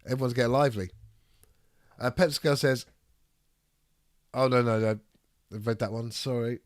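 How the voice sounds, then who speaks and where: Sick guy w raspy throat, rambly stream chat, dry close sound. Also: medium pitch, fairly even intonation, normal speed, no echo. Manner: reads chat aloud, rambling and swearing. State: ill with a cold, raspy throat. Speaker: streamer hosting a debate. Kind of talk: casual live-stream chat.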